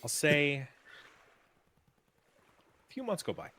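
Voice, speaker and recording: A man's voice: a little high, sing-song, slow pace, pushed and bright. A man narrating as game master of a tabletop game, loose and laughing often.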